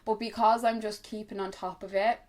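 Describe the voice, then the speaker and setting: A woman's voice: medium pitch, flat delivery, fairly quick, a little mellow. Candid woman vlogging casually. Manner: candid, chatty, peppered with "like" and swearing. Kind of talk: casual chat to camera.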